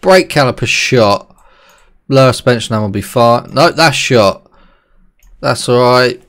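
A man's voice: medium pitch, moderate pace. A man, a streamer giving loose live gameplay commentary, swearing often and chatting with his viewers. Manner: excitable, swears a lot, chats with viewers.

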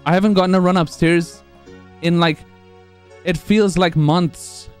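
A young man streaming live, excited and out of breath from laughing, swearing freely as he celebrates. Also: sits high, unhurried, clean tone, soft background music. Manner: excited, profane, laughing between lines. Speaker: speedrun streamer.

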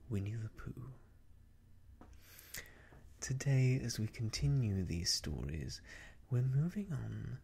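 Slow, husky man whispering a bedtime story. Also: medium pitch. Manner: soft, halting, breathy phrasing. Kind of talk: whispered ASMR story reading.

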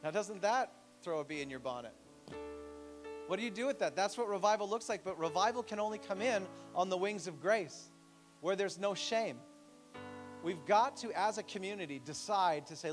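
A man who pastors a church, preaching a sermon with animated stories and emphatic appeals. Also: high-pitched, a little fast, soft background music, poor audio. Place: church sanctuary.

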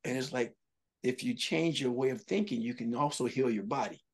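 A comedian telling jokey, animated stories in an interview, often repeating himself. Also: male voice, mid-range voice, normal speed, breathy edge. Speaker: comedian guest. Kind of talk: storytelling in an interview.

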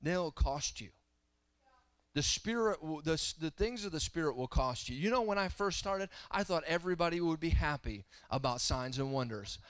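In a church sanctuary, a man in his thirties preaching as a guest moves from storytelling to fervent exhortation. He sounds animated and on the high side, a bit bright, speaking at normal speed with no echo.

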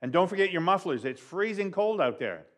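A man voicing a firm, kindly, practical mother who talks briskly, in a read-aloud story. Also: high voice, sing-song, voice pushed up.

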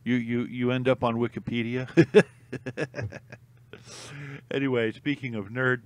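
A man's voice: mid-range voice, flat delivery, unhurried, dry recording. A young man chatting casually to camera, rambling with lots of ums and uhs and frequent laughs. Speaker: vlogger.

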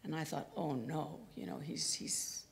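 In a reverberant university lecture hall, an elderly woman in her eighties gives a chatty, anecdote-filled storytelling talk as a guest speaker, performing the quoted lines of people she describes. She speaks unhurriedly in a low, steady, creaky voice, with slight background noise.

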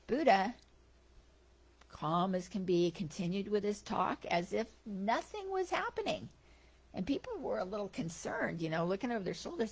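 Woman speaker, animated and chatty storyteller, middle pitch, Sunday talk. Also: normal speed, creaky, breathy edge. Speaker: guest speaker at a spiritual center.

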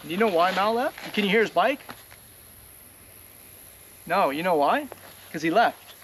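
Canadian man, vlogger, boastful joking banter outdoors; slightly high voice. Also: expressive, measured pace, a bit bright, slight background noise. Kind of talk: casual chat. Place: outdoors in rainforest.

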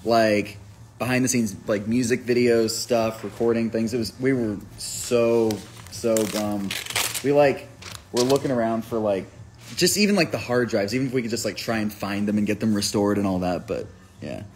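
A musician streaming a merch live on his phone chats casually, rambling with lots of "like" and reading out viewers' names and hometowns. His voice is on the low side and darkish at a moderate pace, with slight background noise.

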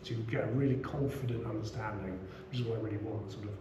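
A middle-aged man leading a relaxed scripture class, chatty, with many asides and repeated "you know"s. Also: on the low side, quick pace, dull audio. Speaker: scripture teacher. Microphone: small action camera. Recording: roomy room, faint background hum.

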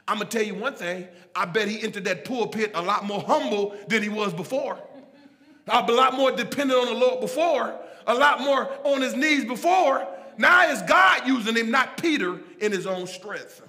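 A high-pitched man preaching in a church, his voice very bright and ringing, with a long church reverb. He calls out to the congregation in a casual, folksy way, and swings from shouting to low asides. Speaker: pastor. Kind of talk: sermon. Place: church sanctuary.

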